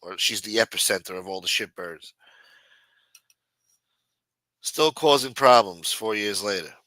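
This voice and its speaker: A man's voice: lowish voice, animated, a little slow, sharp tone, no room sound. A man hosting a livestream, chatting casually and profanely to his chat and acting out quotes as he retells stories. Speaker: livestream host.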